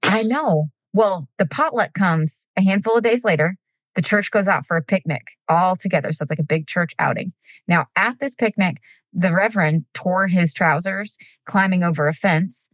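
Low-voiced chatty woman telling a story. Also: normal speed, no echo. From United States. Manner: chatty, giggly, swears casually, goes off on tangents. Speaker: podcast co-host telling a true crime story. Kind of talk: casual podcast chat and storytelling.

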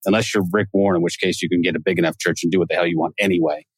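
Casual male podcast host, low voice, dry close sound, chatty and joking. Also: steady tone, rapid-fire, husky, dry recording. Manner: chatty, joking, laughs often. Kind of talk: casual conversational interview.

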